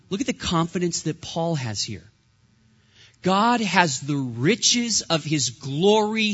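A man in his thirties, a pastor, preaching a sermon with lively, humorous storytelling. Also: high-pitched, highs cut off.

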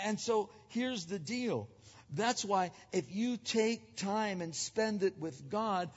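A man with a fairly high voice preaches a sermon in a loose, conversational way and puts questions straight to his congregation. His voice rings out in a reverberant church sanctuary. The recording is muffled and lo-fi. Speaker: pastor.

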